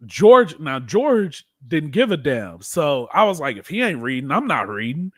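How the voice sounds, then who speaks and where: A man's voice: a little high, moderate pace, few pauses, no room sound. A man co-hosting a podcast, telling a school story in casual chat and acting out the voices in it. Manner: animated, acts out quoted voices. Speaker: podcast co-host.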